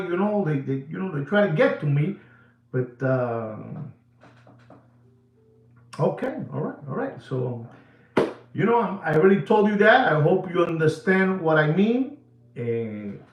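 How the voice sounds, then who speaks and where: Emphatic watch dealer host, echoey room. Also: male voice, on the high side, muffled recording. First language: Spanish. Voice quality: emphatic, repetitive, drawn-out phrasing. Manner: addresses viewers as ladies and gentlemen. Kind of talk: casual monologue to viewers.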